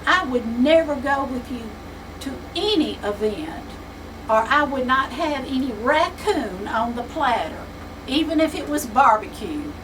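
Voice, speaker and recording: A woman's voice: sits high, lively intonation, measured pace. A woman doing a prim, stern bank teller. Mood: indignant. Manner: stern, indignant. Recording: distant mic with background noise.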